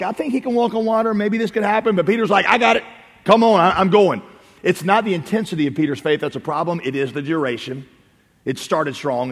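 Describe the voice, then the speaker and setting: A man preaching a sermon as pastor, animated, swinging from loud calls to quiet asides. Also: a little high. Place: church sanctuary. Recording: preaching in a reverberant hall.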